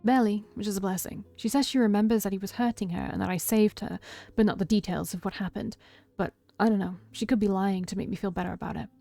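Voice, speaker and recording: A woman voicing a troubled young man who confesses a past killing, read in a quiet, heavy tone with a gravelly edge. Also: mid-range voice, fast talker, hardly any pauses, soft background music, natural voice. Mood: grim.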